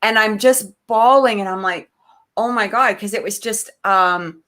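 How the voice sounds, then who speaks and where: Animated, emotional woman telling a story. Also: fairly high pitch, normal speed. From Canada. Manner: animated, emotional, many restarts and fillers. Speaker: podcast co-host. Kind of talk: casual storytelling in an interview.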